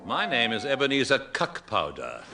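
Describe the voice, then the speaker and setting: A man's voice: medium pitch, moderate pace, over loud music. Droll man hosting a radio comedy. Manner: droll, deadpan wordplay. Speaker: comedy show host and narrator.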